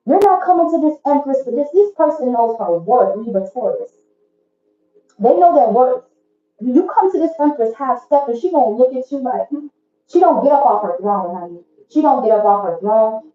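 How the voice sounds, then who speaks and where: A woman's voice: sits high, expressive, moderate pace, reverberant, phone-quality sound, faint music behind. A woman giving a casual tarot reading to viewers, blunt, profane and preachy in an emphatic way. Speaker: tarot reader.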